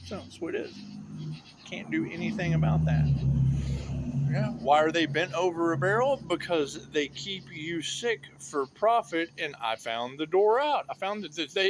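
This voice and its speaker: A man's voice: on the high side, lively intonation, moderate pace, heavy background noise. Man in a sardonic, repetitive rant. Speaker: tarot reader. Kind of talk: rambling monologue.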